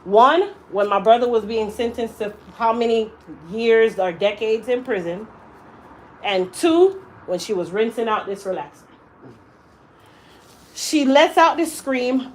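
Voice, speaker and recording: A young adult woman who styles hair and owns a salon tells an emotional personal story in an animated way, acting out the voices she quotes. Her voice sits on the high side, and the rough recording carries a little hiss or hum.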